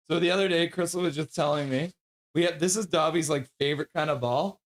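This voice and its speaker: A man with a slightly high voice calls a game live for his stream from home. He gets excitable and cries out when the play turns. Between plays he drops into soft baby talk for his dog. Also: quick pace. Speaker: livestream host calling the game.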